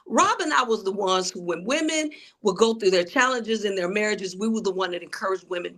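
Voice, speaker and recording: A woman's voice: medium pitch, animated, a little fast, few pauses, fairly bright tone. A woman, an author and preacher, telling her story in a preachy way and calling out to the crowd. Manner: preachy, addresses audience as y'all. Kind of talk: testimony-style interview talk.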